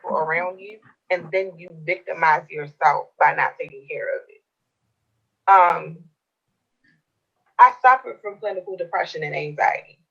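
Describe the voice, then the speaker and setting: A woman's voice: lowish voice, measured pace, vocal fry, pauses often, a bit bright, breathy edge, muffled recording. A woman co-host earnestly explaining her views in a talk show discussion.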